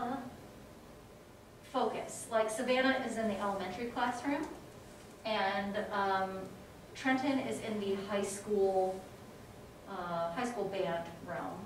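A woman's voice: mid-range voice, noisy background. Chatty woman teacher in an echoey room. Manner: chatty, animated, sings short rhymes. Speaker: music education instructor. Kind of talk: casual teaching in a class session. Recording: echoey room, mic from a distance.

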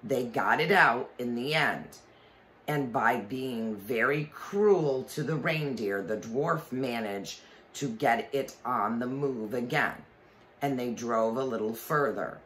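A man reading a children's storybook aloud with expression, pausing to explain the story to listeners. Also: mid-range voice, fairly bright tone, slight background noise. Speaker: reader.

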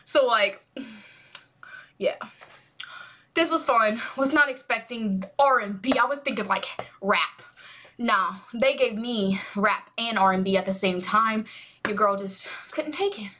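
A woman hosting a music reaction video, gushing and animated, breaking into squeals and whispers while wearing headphones. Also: on the high side, a little slow, pauses often, slight background noise. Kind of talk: excited music reaction chat.

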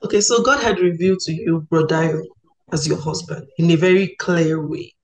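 A woman's voice: sits low, moderate pace, darkish tone, poor audio. A woman interviewing a guest in a Christian interview, attentive and affirming with frequent murmurs.

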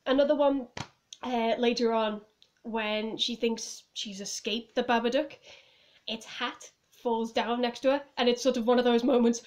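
A woman's voice: fairly high pitch, steady tone, normal speed. A woman vlogging casually to camera at home, rambling and giggling as she reviews a film. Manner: rambling, giggly, lots of "like" and "I was just like". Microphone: phone or camera on a table.

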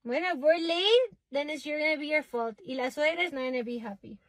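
A woman's voice: high voice, lively intonation, quick pace, dry recording. A young woman in a comedy sketch, scolding and exasperated, dropping in Spanish words.

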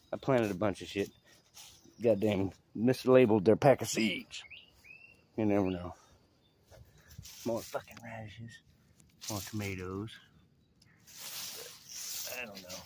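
A man's voice: fairly low pitch, darkish tone, slight background noise. A middle-aged man, giving a casual, rambling, profane update to the camera. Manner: profane, rambling, talks in short bursts. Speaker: vlogger.

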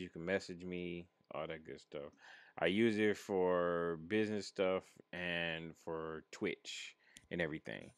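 A man's voice: sits low, dry recording, studio quality. A man from Michigan hosting his stream, telling a story from his life in a casual, profane, laid-back way. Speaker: streamer host.

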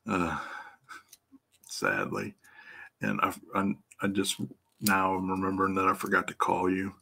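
A middle-aged man with a Midwestern American accent, an EFI tuner, hosts a casual live stream, greeting viewers by name, swearing freely, and laughing a lot. His deep voice is gravelly, bright, and forceful.

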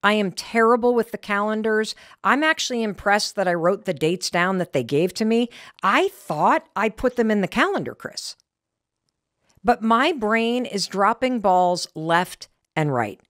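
A middle-aged woman with an American accent, hosting a podcast and telling a candid story in an animated way. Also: mid-range voice, unhurried, no room sound, clean studio sound. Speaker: podcast host. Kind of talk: motivational podcast talk.

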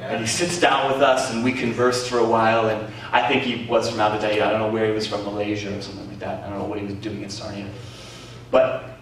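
A man with a Canadian accent preaching a sermon as pastor, telling stories in an animated way with laughter and exclamations. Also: on the low side, fast talker. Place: church meeting hall. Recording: echoey room from far off, faint noise.

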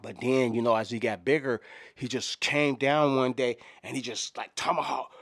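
A man's voice: mid-range voice, fairly even intonation, moderate pace, fairly bright tone, no echo. A middle-aged man rambles through a mock press conference, wandering from one aside to the next and leaning on "you know what I'm saying." His voice sits in an ordinary middle range. The sound is dry and close, with no room around it. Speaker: comedian doing a mock fan press conference. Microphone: microphones in front of him at a podium.

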